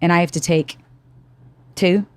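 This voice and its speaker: A woman's voice: on the low side, unhurried. A middle-aged woman hosting a podcast, telling stories with acted-out quotes and some swearing in casual chat. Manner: animated storyteller, acts out quotes, swears. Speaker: podcast host.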